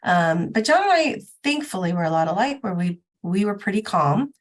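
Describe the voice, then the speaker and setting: A middle-aged woman co-hosts a podcast in relaxed conversation. She speaks at a middle pitch, in a frank, chatty way, and now and then swears. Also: normal speed. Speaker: podcast co-host. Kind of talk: casual chat.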